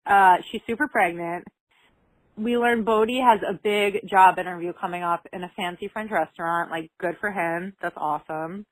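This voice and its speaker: A woman with a lowish voice speaks at a moderate pace in a dry, rough recording. Co-hosting a podcast, she animatedly recaps a TV episode in casual chat and acts out the characters' lines.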